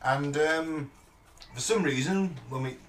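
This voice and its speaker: A man's voice: on the high side, fairly bright tone, far from the mic. Sweary man, slightly off-mic. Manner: sweary, rambling, quick to agree. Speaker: podcast co-host. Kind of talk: casual chat.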